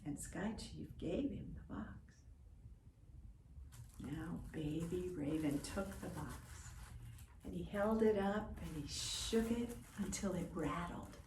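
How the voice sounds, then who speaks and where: A woman telling a folk tale in slow, expressive, drawn-out narration. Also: fairly low pitch, a little hiss or hum. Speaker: storyteller. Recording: roomy echo, distant from mic.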